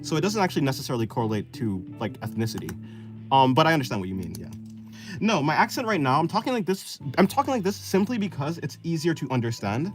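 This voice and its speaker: A man's voice: fairly high pitch, big pitch swings, fast talker. A young man with an American accent chatting casually while drawing, rambling and explaining at length with many fillers and restarts. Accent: General American. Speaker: art streamer. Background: guitar music.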